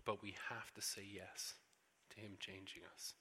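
Guy preaching earnestly, bright ringy voice, long hall echo. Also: fairly low pitch, flat delivery, slightly rough. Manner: earnest, emphatic, with repeated slowed phrases. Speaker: pastor. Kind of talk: sermon. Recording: echoey hall.

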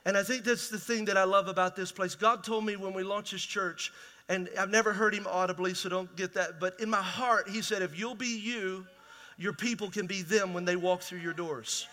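Man, pastor, high voice, reverberant church hall. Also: steady tone, moderate pace, bright, forceful tone. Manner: conversational preaching, rising to emphatic exhortation. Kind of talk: sermon.

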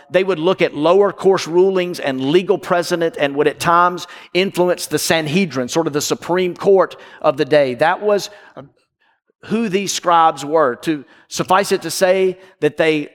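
Emphatic preaching man in reverb. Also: on the high side. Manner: emphatic preaching, repetitive, swings loud and soft. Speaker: pastor. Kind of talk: sermon. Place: church with balcony.

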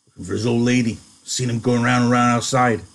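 A man's voice: mid-range voice, fairly even intonation, a little fast, vocal fry, close to an everyday voice. A man reading a callous, offhand ranch hand.

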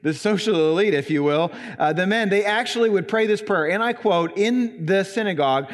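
A man with a Southern Indiana accent preaching a sermon in a church, stressing single words with long pauses. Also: high-pitched, lively intonation, in a large hall. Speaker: pastor. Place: church sanctuary.

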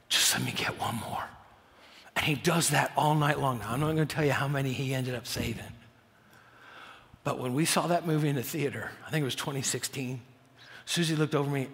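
A middle-aged male pastor preaching a sermon, telling a story, dropping to a hushed near-whisper for prayers and rising to loud emphasis on key points. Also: mid-range voice. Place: church auditorium. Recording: long church-hall reverb.

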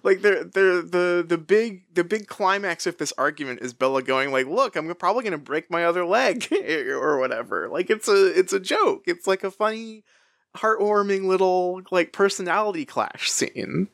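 A man's voice: high-pitched, vocal fry, no room sound, studio quality. A man co-hosting a podcast, chatting casually about a novel and reading passages aloud, laughing often and restarting his sentences. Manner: animated, laughing, halting restarts. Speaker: podcast co-host. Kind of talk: casual book discussion with read-aloud passages.

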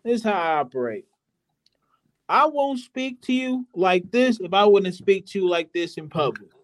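A man co-hosting a live-stream podcast, his voice sitting a little high. He talks in a relaxed, slangy way and chats with the others. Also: normal speed. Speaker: podcast co-host. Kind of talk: casual live-stream chat.

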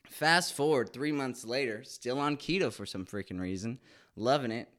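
Speaking at a moderate pace in a fairly bright, mid-range voice, a podcast host in his late twenties gives a casual monologue. His story is comic, crude, and candid, packed with swearing.

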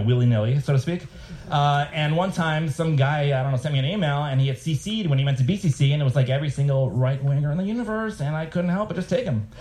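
A man's voice: medium pitch, mellow. A man, a cartoonist, giving a live reading of his comics with sarcastic asides and mocking voices.

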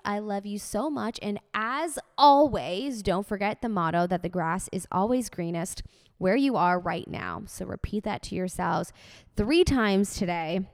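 A woman's voice: medium pitch, big-room sound. A woman hosting a casual live podcast, reading listener comments and chatting in an upbeat, positive way. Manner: upbeat, chatty, laughs often, positive affirmations. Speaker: podcast host.

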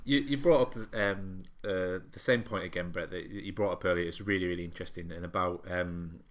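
A man in a casual podcast chat, talking in a reflective, halting way with many restarts and ums. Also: sits low.

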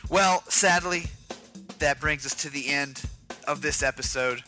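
Playful male podcast co-host, bright tone, slightly higher pitch. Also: a little slow, soft background music. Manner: playful, slips into mock announcer and silly voices. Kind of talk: casual banter and comedy bits.

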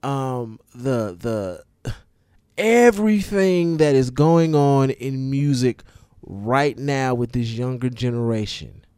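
A man in casual, profane conversation about hip-hop songs, animated and given to building up his points. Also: medium pitch, slow pace, clear, resonant tone, no room sound, studio quality. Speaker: podcast co-host.

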